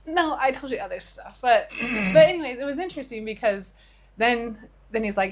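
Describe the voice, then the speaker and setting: This middle-aged podcast co-host's voice is on the high side and expressive, at normal speed. She chats casually, retelling a conversation with a friend and restarting a few times.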